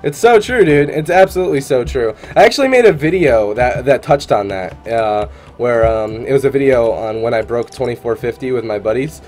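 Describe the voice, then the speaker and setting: An upbeat male caster chats between rounds of an online tournament, mid-pitched and easygoing. He keeps things rolling with casual fillers and friendly shout-outs, with faint music underneath. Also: a little fast, hardly any pauses. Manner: upbeat, chatty, fillers like "uh" and "man". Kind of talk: live esports commentary.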